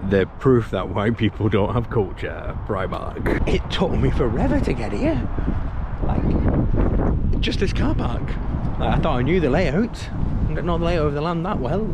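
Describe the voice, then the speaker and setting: A man's voice: mid-range voice, very noisy. Chatty self-mocking British man vlogging. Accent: British English. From Britain. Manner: chatty, self-mocking, breaks into sing-song bits. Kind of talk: casual vlog chat.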